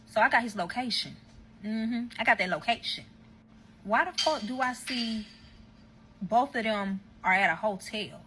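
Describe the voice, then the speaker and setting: A woman's voice: on the high side, normal speed, pushed and bright, slight background noise. A woman telling a casual story-time tale to her viewers, heated and swearing freely. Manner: heated, profane, addresses viewers.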